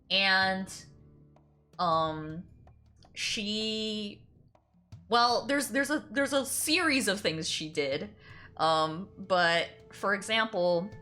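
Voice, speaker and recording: A woman's voice: lowish voice, bright, forceful tone. A young woman streamer telling a long story in casual chat, rambling with many fillers and frequent laughs. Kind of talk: casual storytelling while drawing.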